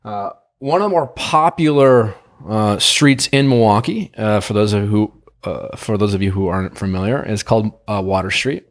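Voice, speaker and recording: A man's voice: lowish voice, moderate pace. Rambling male podcast host telling a story. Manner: rambling, many fillers and tag questions. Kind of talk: casual storytelling.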